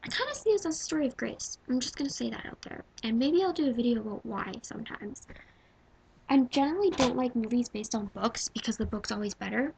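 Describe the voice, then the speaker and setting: A woman in her twenties vlogging casually about her favorite movies. She gushes, swinging from loud exclaiming to hushed whispers. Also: on the high side, lively intonation, a little fast, vocal fry, slight background noise, low-quality recording. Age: 20s. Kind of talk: casual movie-ranking vlog.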